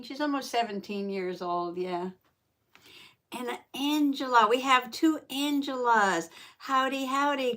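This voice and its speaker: Woman hosting a craft live, kinda high voice, slow and folksy, lots of howdys. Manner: folksy, greets viewers with repeated howdys and soft laughs. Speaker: host of a journaling live stream. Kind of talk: casual live-stream chat.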